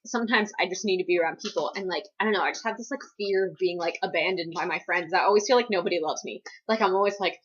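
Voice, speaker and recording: Speaking quickly in a lowish, somewhat bright voice with a slight breathy huskiness, a young adult vlogger from the eastern US fields viewer questions. She rambles, says "like" constantly, and jokes at her own expense. It's a casual Q&A clip recorded at home with dull, lo-fi sound.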